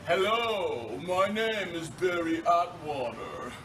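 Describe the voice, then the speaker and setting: A man's voice: on the high side, very animated, fairly quick, pitched above the performer's own voice. A man in a film scene putting on a stilted, overly formal fake English voice. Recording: distant mic, noisy film audio.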